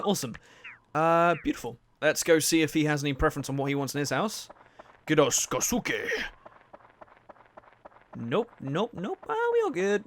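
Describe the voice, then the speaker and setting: A man's voice: fairly high pitch, slight background noise. A man giving casual, rambling commentary over a video game. He jokes, swears a lot and laughs often. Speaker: let's play host.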